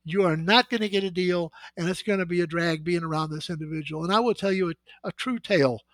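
A man's voice: high-pitched, fast talker, dry recording. A middle-aged sales executive telling anecdotes in a podcast conversation, acting out the voices in his stories. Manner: animated anecdotal storyteller, acts out dialogue.

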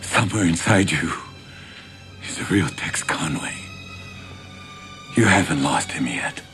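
An actor playing a calm older man who pleads at gunpoint, in a film clip with a gravelly voice. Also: deep voice, measured pace, faint music behind, exaggerated voice. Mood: pleading. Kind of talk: film dialogue.

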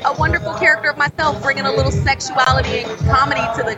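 A woman's voice: high-pitched, steady tone, rapid-fire, loud music behind the voice. A woman guest chatting breezily and promoting her play at a club event. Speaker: guest actress. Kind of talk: casual chat. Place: club venue. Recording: dull lo-fi sound.

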